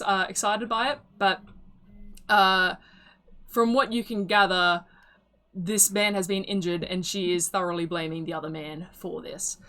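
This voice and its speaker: A woman's voice: medium pitch, bright, forceful tone. A woman narrating a tabletop game as game master in a casual, rambling way. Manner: casual, filler-heavy narration.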